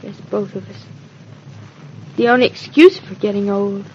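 An actress in 1940s radio acting, playing an earnest, affectionate young newlywed wife with a breathless, wide-eyed manner. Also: female voice, mid-range voice, moderate pace, a little mellow, slight background noise, close to an everyday voice. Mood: tender. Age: young adult. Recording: dull old radio transcription.

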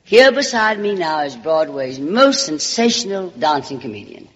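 A woman's voice: low voice, sing-song, moderate pace. A woman with a Southern American accent performing a theatrical, drawling comic monologue, coyly calling everyone darling. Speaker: comedy host. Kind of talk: comic monologue on a radio show. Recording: dull old radio broadcast in a reverberant hall.

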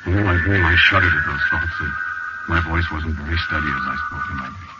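A man's voice: a bass voice, fairly quick, loud music behind the voice. A man narrating a 1940s radio drama in the first person, telling a frightening dream with tense, dramatic delivery. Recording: hissy, muffled old radio recording.

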